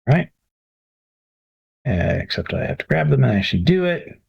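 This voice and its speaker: A man running a tabletop game as game master, relaxed and encouraging with his players. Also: mid-range voice, normal speed, vocal fry, husky. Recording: dull lo-fi recording.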